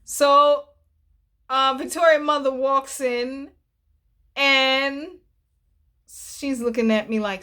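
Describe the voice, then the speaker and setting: A woman vlogger recapping a TV drama in casual, animated chat, acting out characters' lines. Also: high-pitched, slow, pauses often.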